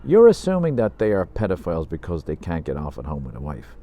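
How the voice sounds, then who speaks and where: A man reads a pub regular who argues his point quickly and calmly. His voice is low and mellow. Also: dull audio. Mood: arguing. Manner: quick, reasoning.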